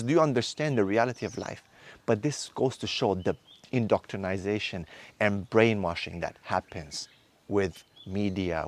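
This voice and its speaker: A man in his thirties with a medium-pitched voice delivers a fiery motivational talk as an instructor for a men's course. He badgers his audience with a fast stream of rhetorical questions.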